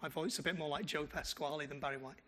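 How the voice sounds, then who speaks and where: High-voiced male pastor preaching. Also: fast, slight background noise. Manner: animated storytelling with quoted dialogue. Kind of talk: sermon.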